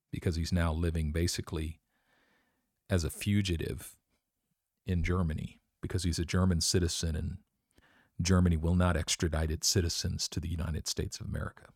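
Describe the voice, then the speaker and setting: A man's voice: low-pitched, gravelly, a little mellow, dry recording, studio quality. A man hosting his own podcast, speaking an earnest, emotionally reflective confessional monologue. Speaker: podcast host.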